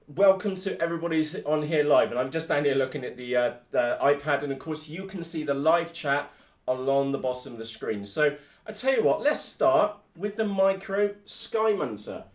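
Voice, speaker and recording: A British man from the United Kingdom hosting a live stream about his radio-controlled models, blunt, energetic and full of slang. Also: on the high side, moderate pace, roomy sound. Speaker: RC hobby video host. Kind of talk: casual live-stream chat.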